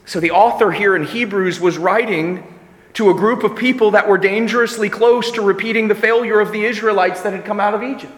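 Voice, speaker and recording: A man preaching a sermon, moving from quiet reflective passages to loud, emphatic ones. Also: sits high, steady tone, brisk. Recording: echoey hall reverb.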